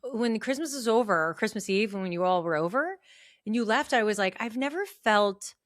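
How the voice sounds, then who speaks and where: A woman chatting casually with friends, reflective and halting, acting out quotes in a raised voice. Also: mid-range voice, expressive, dry recording, studio quality. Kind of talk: casual chat among friends.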